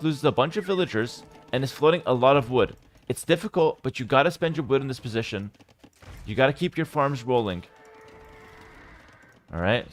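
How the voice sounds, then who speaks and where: A man streaming live esports commentary, talking straight to his chat, firing off quick play-by-play and breaking into excited outbursts. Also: mid-range voice. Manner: chats to viewers as "guys". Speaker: streamer casting a game.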